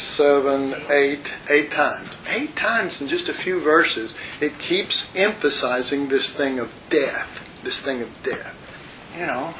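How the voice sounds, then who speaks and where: A man with a slightly high, bright, forceful voice leads a Bible study, addressing his listeners as folks in an earnest, rambling, conversational way. The recording is muffled and lo-fi, with faint hiss.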